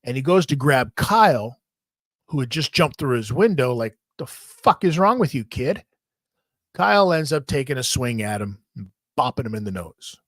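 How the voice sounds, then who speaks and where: A man's voice: medium pitch, normal speed, dry recording. Profane storytelling man, dry close sound. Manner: rambling, profane, animated retelling. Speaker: podcast host. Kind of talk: casual storytelling.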